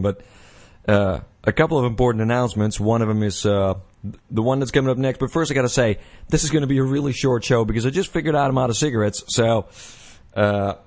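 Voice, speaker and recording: A man's voice: medium pitch, darkish tone. Rambling man hosting his podcast. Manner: rambling, self-correcting, many fillers. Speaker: podcast host. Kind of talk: casual solo podcast talk.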